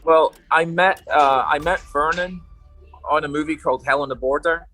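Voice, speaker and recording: A man on a video call from a coffee shop, rambling warmly with plenty of fillers. His voice is bright and slightly high, with faint music in the background. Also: moderate pace. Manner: warm-hearted, rambling, lots of fillers like you know. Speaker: actor guest. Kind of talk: casual interview.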